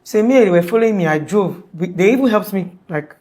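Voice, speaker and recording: A woman's voice: mid-range voice, lively intonation, rapid-fire, dark tone. Young woman telling a story. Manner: rambling, restarts often, uses "like" a lot. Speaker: guest telling her story. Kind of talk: casual storytelling in interview.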